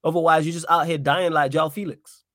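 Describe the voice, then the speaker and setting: A man's voice: a little high, level tone, quick pace, fairly bright tone, no room sound, studio quality. A man hosting a casual football podcast, talking in an emphatic, opinionated way and repeating his points. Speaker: podcast host. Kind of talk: casual football chat with live chat readout.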